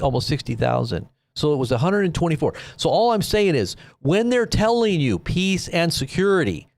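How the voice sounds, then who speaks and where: A man delivers rambling, preachy warnings to his listeners, his pace speeding up and slowing down as he drives each point home. The sound is dry and close, with no room around it. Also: medium pitch, a little mellow, dry recording. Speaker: commentary host. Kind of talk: live political commentary.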